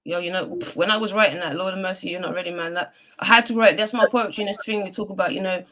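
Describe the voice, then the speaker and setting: A woman's voice: on the low side, fairly even intonation, fast talker, a bit bright, a little hiss or hum. A woman speaking as a guest poet on a video call, reciting spoken word poetry and then chatting in a heartfelt, earnest way.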